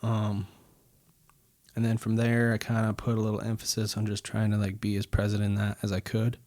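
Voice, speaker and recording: A man's voice: lowish voice, monotone, moderate pace, a little mellow, no echo. A man in his thirties, a podcast guest, telling a personal story in a rambling way with many fillers. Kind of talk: casual storytelling.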